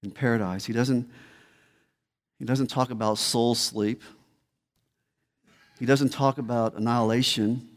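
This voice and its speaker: A man's voice: medium pitch, fairly even intonation, unhurried, long pauses. A man preaching a sermon as pastor, emphatic and repeating key words. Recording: long hall reverb.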